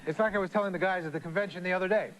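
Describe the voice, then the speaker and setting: An actor playing a deadpan male doctor who calls himself an expert on death, talking in jargon and corny jokes in a satirical talk show comedy. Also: sits high, racing, background noise, lightly acted. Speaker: guest expert.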